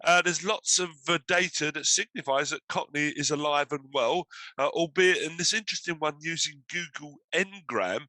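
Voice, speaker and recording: A man's voice: a little high, moderate pace, pushed and bright, dry recording, low-quality recording. A man hosting an online panel discussion over a video call, talking in a hesitant way with many fillers. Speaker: host.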